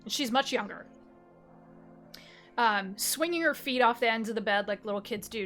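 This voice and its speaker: A woman narrating a tabletop game as game master, telling scenes slowly with descriptive detail and fillers. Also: on the high side, a bit bright, soft background music. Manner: slow, descriptive storytelling with fillers.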